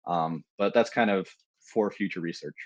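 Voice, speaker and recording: A man with a very low voice walks through a live software demo, speaking loosely and informally with plenty of "um"s and restarts. The sound is dry and close, with little room around it. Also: moderate pace, no echo. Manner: casual, loose, with many fillers and restarts. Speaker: security researcher presenting a tool. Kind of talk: live technical demo talk.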